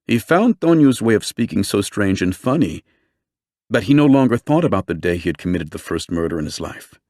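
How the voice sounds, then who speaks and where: A man narrating a true-crime book in a steady, measured storytelling voice. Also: lowish voice, no echo, studio quality. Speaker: audiobook narrator. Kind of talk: scripted narration.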